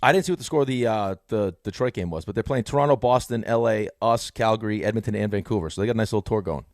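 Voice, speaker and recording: A man from New co-hosting a sports radio show, talking in quick, animated, jokey banter. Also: on the low side, no room sound, clean studio sound.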